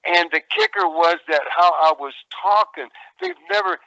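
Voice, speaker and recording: A man's voice: high voice, huge pitch swings, normal speed, vocal fry, pushed and bright, no echo, muffled recording. An older man, a wrestling veteran, telling stories in a rambling interview, with many stalls and repeated words. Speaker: retired wrestler guest.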